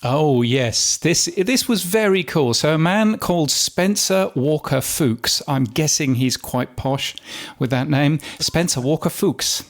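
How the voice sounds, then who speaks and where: A man's voice: fairly high pitch, lively intonation, slow. A man co-hosting a podcast, talking casually with plenty of ums and uhs. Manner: chatty, many ums and uhs. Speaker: podcast co-host.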